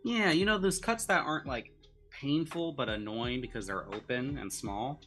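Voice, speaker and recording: A man talks in a loose, rambling way as he sketches, stopping to hunt for words and restarting his sentences. His pitch sits in the middle, and faint music plays behind him. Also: moderate pace, bright, forceful tone. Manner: rambling, hesitant, many ums and restarts. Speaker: comedy show co-host drawing live. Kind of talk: casual chat while drawing.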